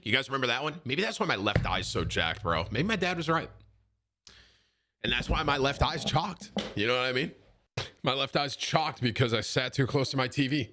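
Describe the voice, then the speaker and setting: A man's voice: on the high side, sharp tone, a little hiss or hum. A man in his thirties, a streamer chatting casually at a desk mic, rambling with many restarts and frequent laughs. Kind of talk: casual chat.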